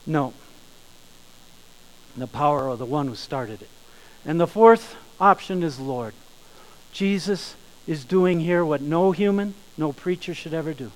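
A man preaching a sermon, emphatic, slowing down and rising in volume on key phrases. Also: fairly high pitch, low-quality recording. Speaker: pastor.

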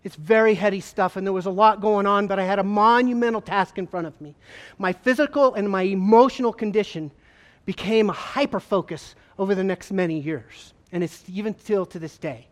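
A man, a former state trooper, gives an emotional personal testimony to an audience, telling it earnestly with halting repeats. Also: sits high. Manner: earnest, halting storytelling with repetitions. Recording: long hall reverb.

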